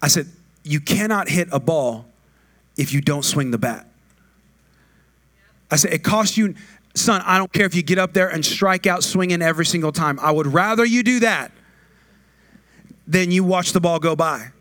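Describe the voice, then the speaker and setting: A middle-aged man preaching a sermon, chatty and informal, rising to loud call-and-response with the congregation. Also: fairly high pitch, moderate pace, long pauses. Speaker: pastor.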